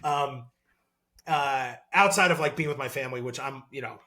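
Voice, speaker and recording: A man in his thirties, a former college football player, talking as a podcast guest in an animated, excitable way with lots of fillers. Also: medium pitch, normal speed. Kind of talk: casual podcast interview.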